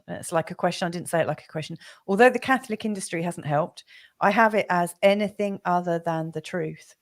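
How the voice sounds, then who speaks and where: Hesitant, low-pitched woman host. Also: brisk. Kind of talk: conversational interview.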